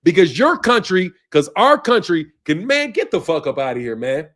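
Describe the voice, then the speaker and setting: Combative American stream host, high-pitched, swears freely and answers his chat with heat. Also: very animated, moderate pace, fairly bright tone. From United States. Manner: profane, combative, talks back to chat. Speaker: boxing channel host. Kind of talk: heated livestream rant reading chat.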